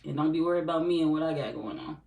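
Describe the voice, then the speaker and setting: A woman's voice: sits low, very fast, vocal fry, warm tone. A woman from St. Louis with a local accent, a tarot reader chatting casually and bluntly with her live chat, cursing and laughing often. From St. Louis, US Midwest. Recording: echoey room, distant mic, faint noise.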